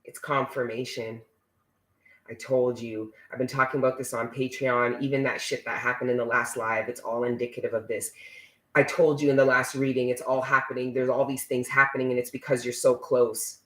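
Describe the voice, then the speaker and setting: A man's voice: medium pitch, flat delivery, fairly quick, fairly bright tone. A man giving a casual spiritual tarot reading to his viewers, talking in an emphatic, preachy way and swearing freely. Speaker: tarot reader. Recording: roomy echo.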